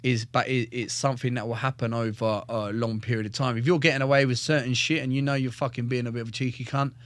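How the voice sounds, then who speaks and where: A man's voice: medium pitch, fairly even intonation, fast, dry recording. Blunt, swearing fighter telling his story. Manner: profane, blunt and jokey, stumbles and repeats words. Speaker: guest, professional fighter. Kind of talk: casual storytelling in a podcast interview.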